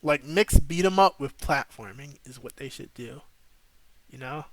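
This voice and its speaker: A young streamer host plays a game during a casual live stream, chatting loosely and rambling in a laid-back, slangy way. His mid-range voice keeps a measured pace.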